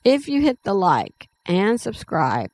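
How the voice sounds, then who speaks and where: A middle-aged woman hosting a writing channel, reading her own story draft aloud in a plain, unhurried way with small self-corrections, then talking to her viewers. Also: mid-range voice, huge pitch swings, darkish tone, slightly rough, low-quality recording.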